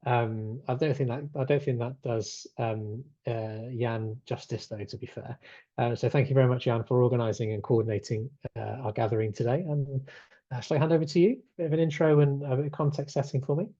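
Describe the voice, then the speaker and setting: Mellow-voiced man hosting a video call. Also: mid-range voice, fairly even intonation, fairly quick, dry recording, muffled recording. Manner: chatty, reads out chat replies, many fillers. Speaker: webinar host. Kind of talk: casual chat hosting an online webinar.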